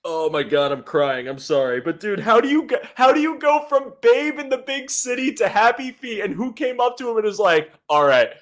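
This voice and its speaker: A man's voice: very high voice, big pitch swings, normal speed, few pauses. A young man hosting a podcast, chatting casually and laughing often as he bounces jokes back and forth. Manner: laughs often, easygoing banter. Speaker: podcast host. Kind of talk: casual chat.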